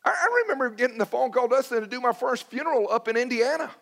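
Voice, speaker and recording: A man's voice: very high voice, lively intonation, fast, creaky, fairly bright tone. A middle-aged man preaching a sermon as a pastor, telling stories in a conversational, self-deprecating way and acting out his own past dialogue.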